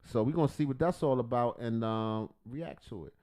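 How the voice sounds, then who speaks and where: A man with a medium-pitched voice talks at a moderate pace while hosting a livestream and reacting to videos. His commentary is rambling, profane, and jokey, with loud swings in volume.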